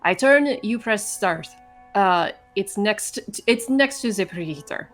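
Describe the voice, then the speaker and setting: A woman reading the lines of a reserved male police lieutenant in a detective game, in her own voice pitched a bit lower. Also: animated, slow pace, soft background music. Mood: downplayed excitement.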